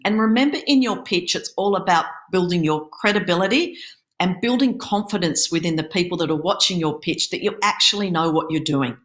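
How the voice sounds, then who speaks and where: In an online presentation, a woman who manages a startup accelerator program runs a pitching workshop. She gives presentation advice in an instructive coaching tone, with the odd stumble. Her voice is fairly low yet fairly bright, and it reverberates through a large, echoey room on the video call.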